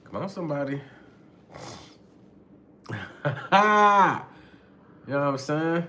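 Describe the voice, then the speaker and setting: A man's voice: on the high side, lively intonation, slow pace, pushed and bright. Brief: male podcast host, casual relationship talk, slangy and laughing, faint background hiss. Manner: loose slangy talk, frequent laughter and profanity.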